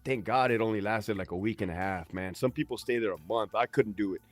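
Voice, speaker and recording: A Californian army veteran in his forties, appearing as a guest, tells his story in a laid-back, slangy and profane way. His voice sits on the low side and moves fast.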